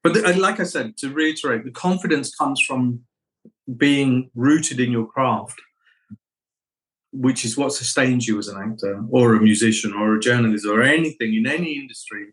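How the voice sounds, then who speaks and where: Middle-aged man telling lively stories. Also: medium pitch, normal speed, rough recording. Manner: animated anecdotes, acts out quoted voices. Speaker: actor, interview guest. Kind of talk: reflective interview storytelling.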